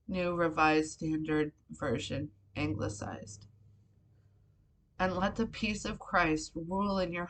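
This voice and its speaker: A woman talks through tears in a slow, low-pitched voice, hosting her faith vlog from home. She is emotional and sometimes sinks to a soft whisper. She sits away from the mic, so her voice sounds distant. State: crying. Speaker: vlogger. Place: bedroom at home.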